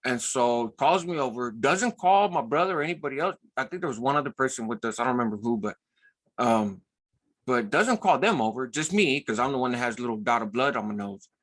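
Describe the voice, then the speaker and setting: A man's voice: mid-range voice, lively intonation, brisk, a bit bright. A man hosting his own channel, telling a story in a casual, blunt way, often checking in with "right?" and swearing freely. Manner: loose, conversational, tags lines with "right?". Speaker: host.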